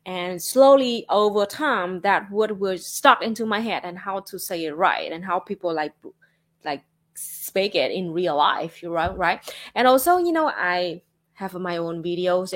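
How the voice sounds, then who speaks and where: This streamer, a Vietnamese woman with a Vietnamese accent, chats casually to her livestream and frequently says "like" and "you know." Her voice is lowish, animated and a bit bright, and she takes her time.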